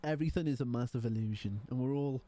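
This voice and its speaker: A man's voice: medium pitch, quick pace, mellow. A man livestreaming from home, chatting casually and rambling while yawning and tired. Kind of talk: casual stream chat.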